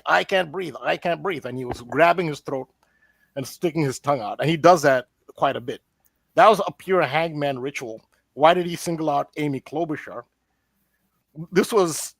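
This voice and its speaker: Earnest man with a higher voice. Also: normal speed, no room sound. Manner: earnest, explanatory, with frequent restarts. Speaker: roundtable guest presenting a theory. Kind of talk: casual online roundtable discussion.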